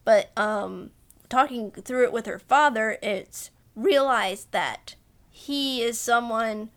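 A woman's voice: on the high side, slow pace. A woman co-hosting a film podcast, casually recapping the plot and acting out bits of dialogue. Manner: recaps plot, acts out lines. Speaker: podcast co-host.

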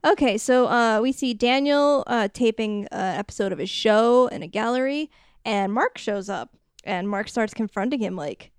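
A woman co-hosting a podcast, casually recapping a film with quick mock voices for its characters. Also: on the high side, animated, smooth, dry recording, studio quality. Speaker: podcast co-host. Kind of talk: casual movie recap chat.

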